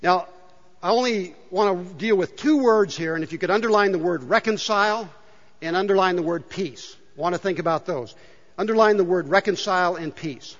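A man's voice: sits high, fairly quick, fairly bright tone. A man preaching a sermon to his congregation, emphatic and full of rhetorical questions. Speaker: pastor. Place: church sanctuary. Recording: dull, reverberant church hall.

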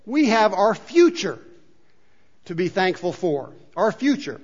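A man's voice: sits high, very animated, a little slow, breathy edge, dull audio. A man preaching a sermon in a chapel, talking conversationally and asking the congregation questions. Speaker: pastor. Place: church chapel.

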